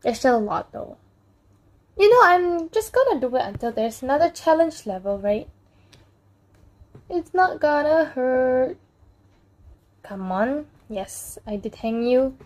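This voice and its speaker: A woman's voice: high-pitched, big pitch swings, measured pace, long pauses, poor audio. A woman casually commenting while playing a mobile game, playfully bossing around and threatening the game characters. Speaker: gameplay channel host.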